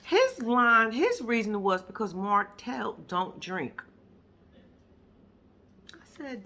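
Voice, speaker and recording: A woman's voice: a little high, big pitch swings, slow, long pauses, pushed and bright, slight background noise. A woman recapping a reality show in casual chat. She is blunt and swears a lot, and she talks straight to her viewers. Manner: blunt, profane, emphatic storytelling; addresses viewers directly. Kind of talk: casual episode reaction chat.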